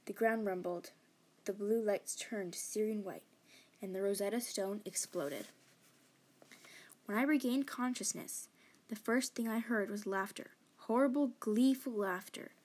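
Woman reading a story aloud, breathy. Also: medium pitch, a little mellow. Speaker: audiobook reader. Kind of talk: fan audiobook narration.

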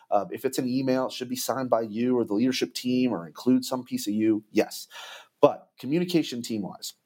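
A man speaking in a plain, even-pitched voice, conversational and earnest. He lays out his points in an explanatory, advice-giving way, like a guest on a relaxed podcast. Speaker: church communications guest.

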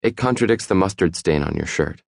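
A man voicing a sharp, observant young woman who questions bluntly in audiobook dialogue. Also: sits low, lively intonation, creaky, no room sound, studio quality, heavily acted. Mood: probing. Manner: brisk, deductive questioning.

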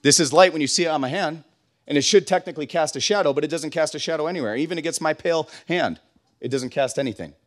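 A young male pastor preaching a relaxed, chatty sermon with a fairly high voice. He talks loosely, full of likes and false starts, and at times turns to loud, drawn-out emphasis. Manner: chatty and self-deprecating, with many likes and restarts. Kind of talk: casual youth sermon.

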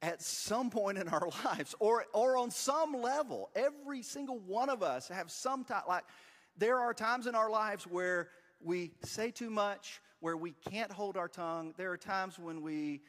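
A man in his forties preaching a sermon, telling a self-deprecating story in a lively, storytelling manner. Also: high voice, a little slow, big-room sound. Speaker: pastor. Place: church sanctuary.

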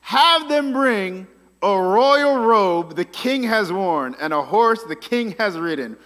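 A man doing a boastful, self-satisfied royal official, swelling with pride and fairly high-pitched. The voice rings out with a long reverb trail. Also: lively intonation, slow, fairly bright tone, full character voice.

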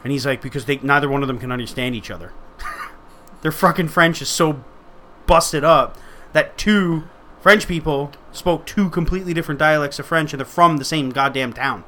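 A man hosting a conversational podcast, laughing often, swearing freely and telling stories loudly. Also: a little high, moderate pace, a little hiss or hum. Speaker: podcast host. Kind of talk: casual chat.

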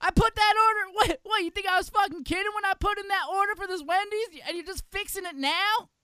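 A man putting on a whiny, hot-tempered older Southern man with a Southern US accent, raising his voice to a high-pitched, shouting rant. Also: quick pace, dry recording, studio quality. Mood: angry rant.

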